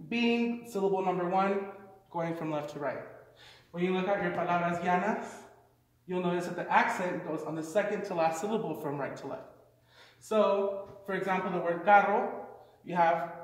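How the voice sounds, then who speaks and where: A man teaching a Spanish lesson in a casual, explanatory way. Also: high voice. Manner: casual, explanatory, uses fillers. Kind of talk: classroom lesson. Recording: echoey room, mic far off.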